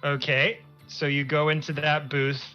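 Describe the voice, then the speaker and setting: A man narrating a tabletop game as game master, in animated, rambling descriptions. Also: fairly high pitch, unhurried. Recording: muffled stream audio with music.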